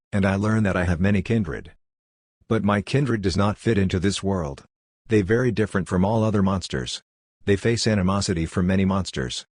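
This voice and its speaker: A man voicing a blunt, ruthless girl raised by ghost leopards, speaking in flat, matter-of-fact broken English. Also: low-pitched, no room sound, clean studio sound. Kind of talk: audiobook character voice.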